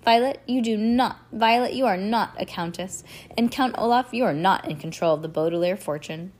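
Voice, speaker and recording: A woman voicing a gentle, tearful woman judge in a read-aloud storybook, speaking carefully and hesitantly. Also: mid-range voice, moderate pace, close to an everyday voice.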